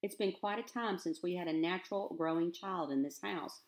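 A woman reading aloud voices a gentle, awkward older father who talks in an anxious, fumbling country way. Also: lowish voice, normal speed, lightly acted.

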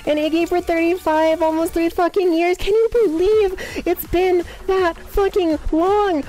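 A woman streamer greeting her chat in a live stream, excitable and squealing, swearing freely over faint background music. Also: high-pitched, normal speed, few pauses.

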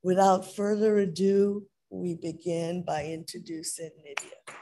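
Slow, gravelly woman reading an introduction. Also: on the low side, steady tone, dark tone. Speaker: moderator introducing a speaker.

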